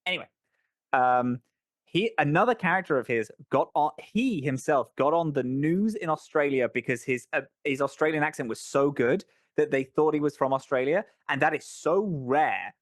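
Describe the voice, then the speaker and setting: A man's voice: a little high, moderate pace, no echo, clean studio sound. A man with a neutral London accent hosting a podcast chat, rambling, swearing casually and laughing often. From England. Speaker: podcast host.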